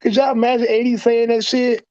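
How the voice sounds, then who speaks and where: A man's voice: extremely high pitch, level tone, fairly quick, a little mellow, smooth, dry recording. Man firing off emphatic rhetorical questions. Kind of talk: casual sports debate. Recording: dull, slightly muffled audio.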